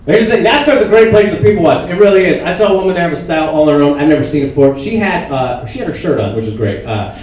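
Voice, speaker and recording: A young man performing a stand-up comedy set, self-mocking and deadpan. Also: a little high, rapid-fire, hardly any pauses. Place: theatre stage with live audience. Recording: roomy distant theatre sound with noise.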